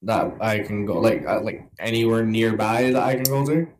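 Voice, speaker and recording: A man's voice: on the low side, normal speed, crowd noise. A man playing in a tabletop game, chatting casually and often stammering or restarting his words. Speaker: player.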